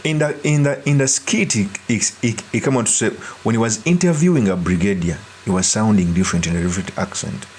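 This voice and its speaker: A man giving earnest, deliberate political commentary and breaking off to restart his sentences. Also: lowish voice, background noise.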